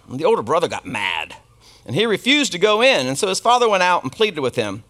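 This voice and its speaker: A man delivers a sermon in a high, light voice. He tells the story loosely and conversationally. He breaks off to toss asides and questions to the congregation. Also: huge pitch swings, quick pace, a bit bright. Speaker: pastor.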